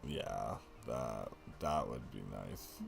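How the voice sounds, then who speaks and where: A man's voice: extremely low pitch, drawn-out words, gravelly, breathy edge, faint music behind. A man livestreaming a city-building game, thinking aloud as he plays and easily amused. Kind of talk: casual gaming chat.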